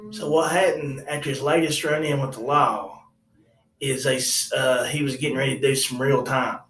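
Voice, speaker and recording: A man's voice: mid-range voice, steady tone, moderate pace, a bit bright, roomy sound, distant mic, low-quality recording. A man telling a comic personal story in a rambling, wry way with many asides.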